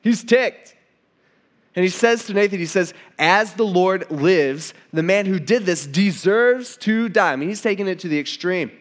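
A man preaches casually in an animated, high-sitting voice at a moderate pace. He talks as if in conversation, retelling a story, voicing its dialogue, and frequently starting over mid-thought.

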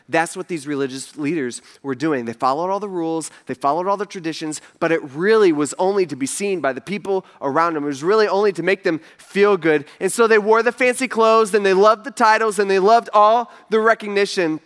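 A man's voice: sits high, brisk, few pauses. A male pastor giving a sermon to his congregation, telling stories with casual asides and humor. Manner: animated storytelling with asides to the congregation. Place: church stage before a congregation.

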